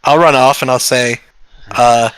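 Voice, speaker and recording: A man playing a tabletop game speaks earnestly, trying to calm others down. His voice sits at a middle pitch. The sound is dry and close. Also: measured pace, smooth, dry recording. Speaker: player.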